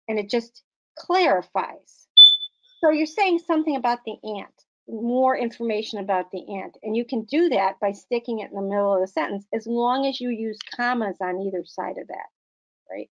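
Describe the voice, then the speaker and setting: A woman's voice: a little high, moderate pace, a little mellow, rough recording. Patient woman tutoring grammar. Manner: patient, encouraging, explains step by step. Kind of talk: online grammar lesson.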